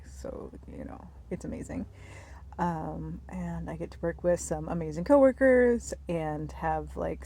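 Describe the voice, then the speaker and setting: A woman in her thirties chatting casually while lying in bed, rambling softly with many fillers and sometimes dropping to a whisper. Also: on the low side, vocal fry, a little hiss or hum. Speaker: vlogger. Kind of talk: casual chat to camera.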